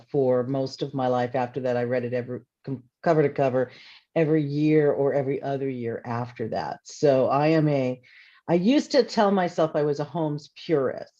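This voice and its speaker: A woman author on a convention panel, telling stories in a chatty way and acting out bits of dialogue. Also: a bass voice. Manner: chatty storytelling with lively re-enacted dialogue. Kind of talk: casual panel talk. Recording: slightly muffled audio.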